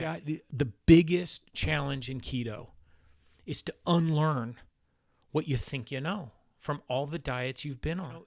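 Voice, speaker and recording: A man's voice: fairly high pitch, creaky, no echo, clean studio sound. A man talking in a casual instructional vlog about diet, emphatic, exasperated and blunt. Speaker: keto diet vlogger.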